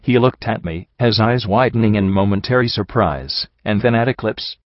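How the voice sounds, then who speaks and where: Low-voiced male audiobook narrator. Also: moderate pace, dry recording, lo-fi sound. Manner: steady reading of prose. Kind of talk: first-person audiobook narration.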